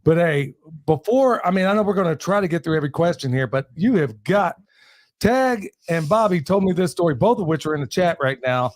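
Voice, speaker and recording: Brief: male host with a high, bouncy voice, joking and laughing a lot, recorded dry and close. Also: lively intonation, a little fast, no room sound. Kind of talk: casual interview chat.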